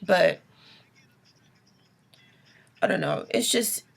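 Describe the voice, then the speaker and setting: A woman's voice: mid-range voice, animated, normal speed, fairly bright tone. A young adult woman vlogging a late-night rant, exasperated, with sighs and whispered asides.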